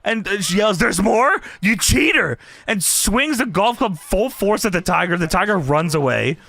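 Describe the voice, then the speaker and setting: A man's voice: high-pitched, moderate pace. A man co-hosting a casual podcast, animatedly recapping a wrestling segment and quoting the characters between bursts of laughter. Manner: animated, laughs loudly, narrates scenes and quotes wrestlers. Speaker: podcast co-host.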